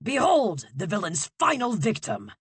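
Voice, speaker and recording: A woman voicing a scheming king who makes grand, booming proclamations. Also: wildly swooping pitch, unhurried, husky, no echo, exaggerated voice. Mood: proclaiming.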